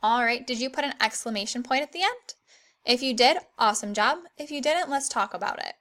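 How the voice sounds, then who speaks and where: A young woman teaching an online grammar lesson to children, clear and encouraging, reading the examples slowly. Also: high-pitched, lively intonation, a bit bright.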